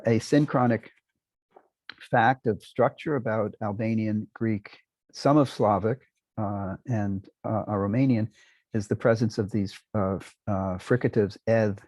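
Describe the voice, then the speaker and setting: An older man lecturing on linguistics to a university class, pausing often with many fillers and restarts and now and then clearing his throat. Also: on the low side, steady tone, darkish tone, no room sound, poor audio. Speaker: linguistics professor.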